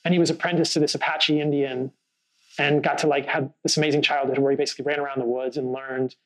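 A man with a fairly high voice hosts a relaxed podcast chat in person. He speaks earnestly and reflectively, winding through a story with plenty of "like" and "you know". His voice sits a touch above the usual male range. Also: quick pace, crowd noise, poor audio. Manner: earnest, thoughtful, storytelling with many fillers. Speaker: podcast host. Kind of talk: casual conversational podcast.

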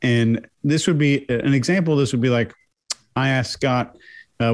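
A man's voice: mid-range voice, unhurried. A man in a casual panel discussion, explaining his point with simple examples. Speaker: body language analyst.

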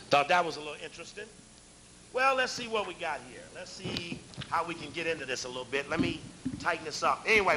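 Man, fiery lecture, high lively voice, bright tone. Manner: preacherly, call-and-response, raises voice to shout.

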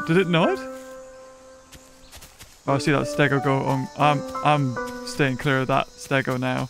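Excitable man with a high, lively voice. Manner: excitable, exclaiming and laughing often. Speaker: gaming YouTuber. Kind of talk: live gameplay commentary.

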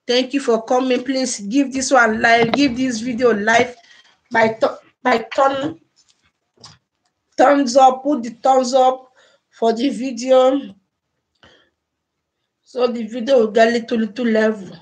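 A woman's voice: on the high side, steady tone, slow, pauses often. A Nigerian woman hosting a casual livestream on a phone or laptop mic, repeatedly pleading with and effusively thanking her viewers. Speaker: livestream host.

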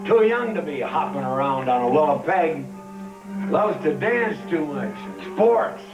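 A man's voice: on the high side, lively intonation, unhurried, creaky, far from the mic, highs cut off. An actor playing a hard, grim frontier man in an old western film. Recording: echoey old film soundtrack with music.

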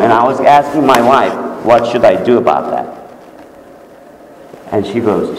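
A male pastor telling a story in a sermon, his voice climbing when excited and sinking soft and low. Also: normal speed, pauses often, slight background noise. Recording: echoey church hall.

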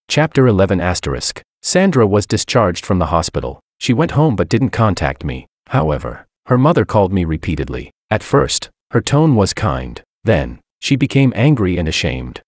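A man reading a first-person story aloud in a steady, measured way. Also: low-pitched, dry recording, studio quality. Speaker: narrator.

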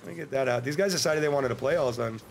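An American man streaming a game, chatting casually in a joking, rambling way and breaking into sudden excited yelps. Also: medium pitch, rapid-fire, slight background noise. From United States. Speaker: livestreamer. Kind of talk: casual gameplay livestream commentary.

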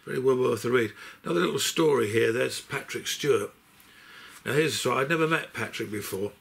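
A man's voice: medium pitch, brisk, creaky. An older man chatting through his box set, telling long stories with many restarts and self-corrections. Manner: rambling storyteller, stops and restarts sentences. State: unwell. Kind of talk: anecdotal unboxing chat.

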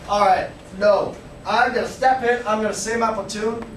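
A man's voice: high voice, fairly even intonation, moderate pace, pitched above the performer's own voice, lightly acted. A man voicing a determined young army recruit. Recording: echoey room, distant mic, noisy.

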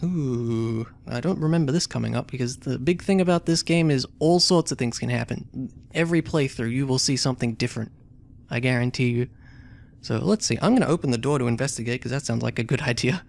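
A man's voice: medium pitch, brisk, vocal fry, a little mellow. A man hosting a let's play, chatting casually and hesitantly while he plays a story game.

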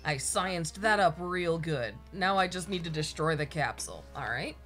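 A woman's voice: low voice, animated, moderate pace. A woman giving playful, chatty and mildly profane commentary while playing a video game. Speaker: gameplay commentator. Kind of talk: let's play commentary. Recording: game music behind the voice.

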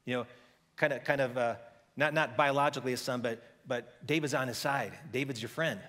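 A man preaching a sermon as pastor, telling a story in a lively conversational way and acting out the characters' voices. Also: medium pitch, a little fast, big-room sound. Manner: conversational with frequent restarts.

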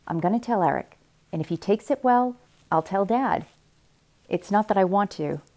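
Female reader with a slightly low voice; calm, hushed read-aloud of a teen novel. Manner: quiet, measured first-person narration.

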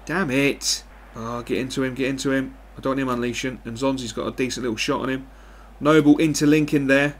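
A young man giving animated live commentary over a football video game, swinging between excitement and frustration and swearing often. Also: mid-range voice, a little fast. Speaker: gaming commentator.

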